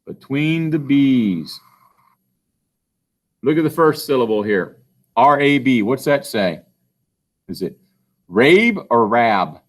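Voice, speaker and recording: A man's voice: mid-range voice, animated, slow pace, long pauses. A male teacher giving a phonics lesson, patiently asking questions and answering them himself. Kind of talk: recorded classroom phonics lesson.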